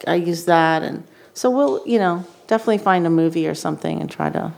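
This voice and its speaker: A woman's voice: lowish voice, animated, fast talker, vocal fry, darkish tone. A woman TV director chatting candidly as a podcast guest, talking in fits and starts with many fillers. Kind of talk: casual podcast chat.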